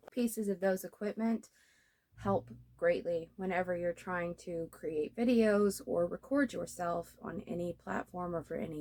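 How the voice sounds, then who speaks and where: Recording on a phone mounted on a ring light tripod, a young beginner blogger and podcaster chats about launching her podcast. Medium-pitched with a darkish tone, she's self-deprecating and laughs whenever she slips up.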